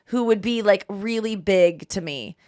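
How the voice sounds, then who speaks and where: Woman host, 30s, casual podcast storyteller, lively, mid-pitched. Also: measured pace. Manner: animated storytelling, acts out quoted voices. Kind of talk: casual chat.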